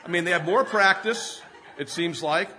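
A man's voice: high voice, normal speed, bright, forceful tone. A man in his fifties preaching a sermon, telling humorous self-deprecating stories and often laughing mid-sentence. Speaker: pastor.

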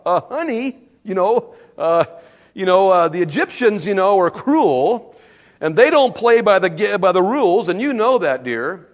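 A fidgety husband sweet-talks his wife in a raised, bouncing voice, stumbling over fillers and piling on flattery, as a preacher puts him on. The pitch jumps about as he wheedles. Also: measured pace. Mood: wheedling. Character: smooth-talking nervous husband coaxing his wife.

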